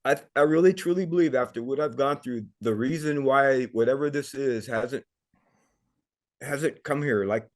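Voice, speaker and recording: A man's voice: mid-range voice, moderate pace. Earnest man telling his story. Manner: earnest, repeats words often, gets emotional. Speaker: guest. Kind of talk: emotional personal storytelling.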